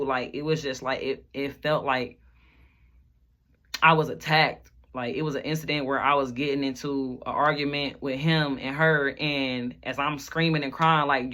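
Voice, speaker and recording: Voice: medium pitch, bright, forceful tone. A rapper telling a personal story to the camera, emotional and rambling, filling nearly every phrase with "like" and repeating lines. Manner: repeats phrases, at times rushed.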